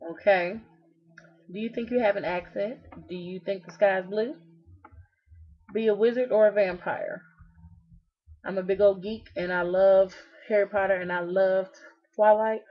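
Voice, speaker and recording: A young woman from Virginia with a Southern American accent, casually vlogging and answering questions with sassy, joking asides. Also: mid-range voice. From Roanoke, Virginia. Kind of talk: casual self-recorded vlog. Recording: slightly muffled lo-fi webcam audio.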